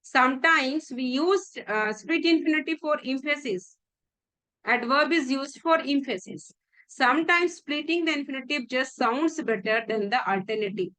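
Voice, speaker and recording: High-voiced Indian woman teaching grammar. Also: lively intonation, fairly bright tone, low-quality recording. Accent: Indian English. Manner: explains slowly with restarts, repeats key phrases. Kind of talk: exam-prep grammar lesson.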